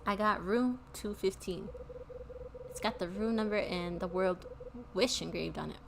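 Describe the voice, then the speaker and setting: A woman's voice: medium pitch, measured pace, gravelly, noisy background. A woman voicing a blunt, impatient former cop who speaks in curt, dismissive lines.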